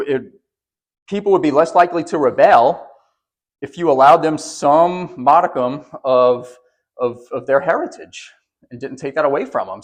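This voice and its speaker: A man in his thirties preaching a sermon in a conversational way. His fairly high voice climbs and falls a lot as he builds to emphatic, louder moments. He often restarts, repeating a word before carrying on. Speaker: pastor.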